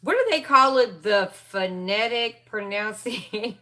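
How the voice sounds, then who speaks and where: Lady sewing live from home, slow easygoing talk, bright voice, laughs a lot. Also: medium pitch, animated. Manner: chatty, laughs often, talks to viewers. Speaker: sewing livestream host. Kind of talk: casual chat while sewing.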